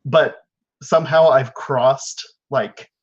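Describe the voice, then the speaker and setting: A man's voice: medium pitch, slow pace, breathy edge. A man playing a tabletop game, describing his character's moves in a rambling way with many fillers. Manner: rambling, lots of "like". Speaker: player. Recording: muffled lo-fi audio.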